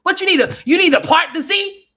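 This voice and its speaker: A woman's voice: very high voice, fairly quick, sharp tone. A woman hosting a gossip commentary livestream, profane and trash-talking, laughing often and talking straight to her viewers. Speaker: livestream host.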